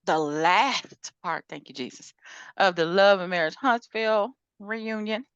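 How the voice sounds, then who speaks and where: A woman's voice: mid-range voice, measured pace, a bit bright, smooth, no echo, muffled recording. A woman co-hosting a podcast, chatting casually in a laid-back, slangy storytelling way. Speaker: podcast co-host. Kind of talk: casual chat.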